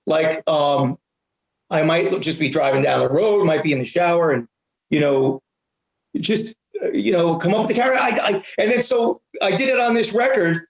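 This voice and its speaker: A man's voice: a little high, gravelly. A man in his fifties, a comedian guest in a casual interview, talking bluntly with lots of restarts and the odd curse. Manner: halting, many restarts, blunt and profane. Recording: roomy echo.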